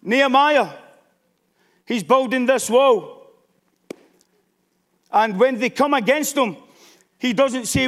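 A man with a strikingly high voice delivers a sermon. He preaches with emphasis and often pushes up into shouted exhortation. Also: unhurried, long pauses.

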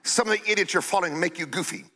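An older man preaching a sermon in a blunt, scolding way, stretching out key phrases and breaking into shouts. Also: high voice, rapid-fire.

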